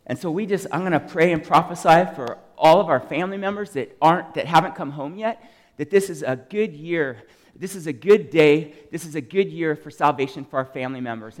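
A man preaching a testimony with passion, swinging between yelling and soft, tearful speech. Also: on the high side, fairly quick, big-room sound. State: crying. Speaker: guest preacher. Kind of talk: sermon testimony.

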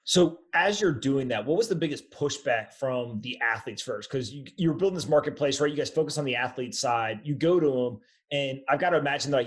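A man hosting a podcast, asking a guest quick conversational questions. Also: medium pitch, expressive. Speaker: podcast host. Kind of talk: interview questions.

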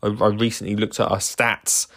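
A man's voice: fairly low pitch, little pitch movement, moderate pace, fairly bright tone. A man hosting a casual solo podcast, rambling enthusiastically with lots of fillers and restarts. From England. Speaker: podcast host.

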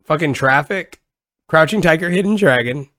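A man's voice: fairly high pitch, animated, normal speed, bright, forceful tone, slight background noise. A man hosting a podcast in casual chat, laughing often and swearing freely. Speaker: podcast host.

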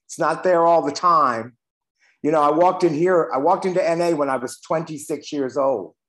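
This sixty-something man, sharing at a recovery meeting, first reads aloud and then opens up frankly about his recovery, with some cursing and self-deprecating humor. He speaks at a moderate pace in a slightly high, fairly bright voice.

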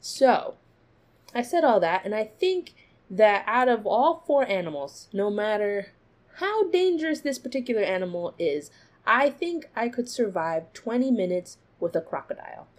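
A woman hosting a casual solo podcast, animated, laughing often and jumping into high exclaiming bursts. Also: normal speed. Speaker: podcast host.

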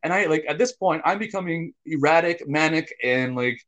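Profane, animated man telling a story. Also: a little high, normal speed. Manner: animated, swears a lot, bursts of yelling when quoting. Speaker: podcast co-host telling a story.

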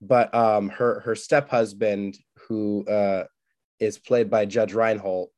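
A man's voice: fairly low pitch, steady tone, slow, darkish tone. Wry, teasing man co-hosting a podcast. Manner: wry, teasing, swears casually. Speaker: podcast co-host. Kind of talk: casual chat.

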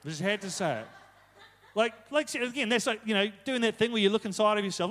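High-voiced man giving a chatty sermon. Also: animated, quick pace, fairly bright tone. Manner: casual, joking asides, retold quotes. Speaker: preacher. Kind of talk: conversational sermon.

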